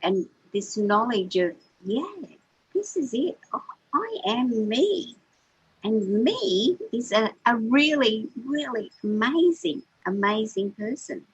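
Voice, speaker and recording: Older woman, very husky, earnest spiritual talk. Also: a little high, sing-song, slow, highs cut off. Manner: earnest, repeats words as she gathers her thoughts. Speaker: co-host of a spiritual radio show. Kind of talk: heartfelt spiritual chat.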